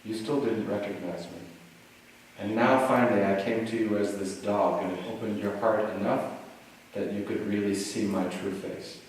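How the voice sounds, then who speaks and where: A man giving a dharma talk, telling a teaching story in a relaxed way with many "you know"s and "like"s, recorded in a retreat hall. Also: fairly low pitch, moderate pace, a little hiss or hum. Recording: echoey hall, mic at a distance, faint ambience.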